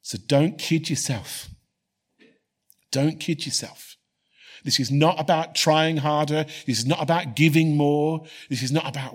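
A man's voice: a little high, unhurried, pauses often. A man preaching a sermon and leading a prayer, earnestly repeating key phrases for emphasis. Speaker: pastor.

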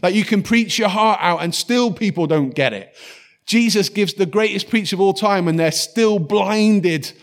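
A man, preaching a sermon in a lively storytelling way and dropping to soft, quiet tones for scripture. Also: high-pitched, a little slow.

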